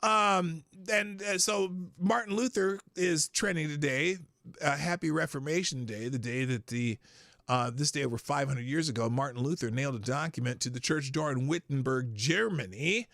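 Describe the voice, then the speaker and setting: Guy hosting a morning news stream, bright voice, dry close sound, rambly and casual. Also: a little high, moderate pace, dry recording. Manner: rambling, off-the-cuff, swears casually. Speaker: host. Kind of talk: casual live news commentary.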